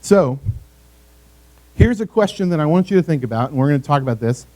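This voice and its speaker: A man's voice: on the high side, expressive, fairly quick, warm tone. A young man giving a youth ministry talk as pastor, conversational and often asking the room for responses. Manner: conversational, asks the audience for responses.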